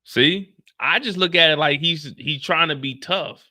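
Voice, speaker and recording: A man's voice: on the high side, a little slow, sharp tone, a little hiss or hum. A young man hosting a live stream, talking loosely in a chatty, casual way and repeating "like" and "you see what I'm saying". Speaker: streamer reviewing a TV episode.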